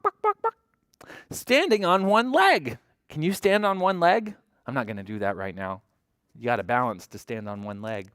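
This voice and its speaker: A children's librarian reads a picture book to toddlers in a slow, unhurried way, with a voice that leaps from low to very high on every line. The delivery is sing-song, full of animal noises and questions for the little listeners. The sound is dry and close. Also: fairly bright tone, no room sound.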